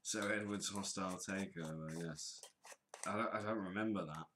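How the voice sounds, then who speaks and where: A man with a notably low, deep voice, co-hosting a podcast in relaxed back-and-forth chat. He rambles, leans on fillers, and brags in a playful way. A faint hiss sits under the recording. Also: normal speed. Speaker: podcast co-host. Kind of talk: casual chat.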